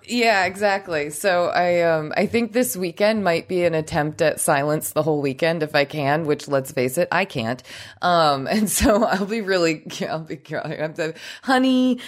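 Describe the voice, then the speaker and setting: A woman's voice: fairly low pitch, normal speed. Chatty woman co-host, strained voice. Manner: chatty, laughs often, many restarts. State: voice strained from overuse. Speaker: podcast co-host. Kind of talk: casual chat.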